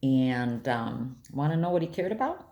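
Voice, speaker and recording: Creaky older woman venting on a vlog. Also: a bass voice, sing-song, normal speed, muffled recording. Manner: candid, rambling and blunt. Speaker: vlogger. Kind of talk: casual personal vlog.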